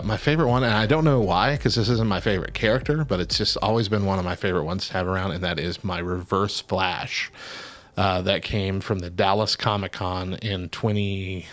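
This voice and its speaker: A man co-hosting a stream, chatting casually in a rambling way and laughing often. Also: lowish voice. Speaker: stream co-host. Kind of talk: casual chat.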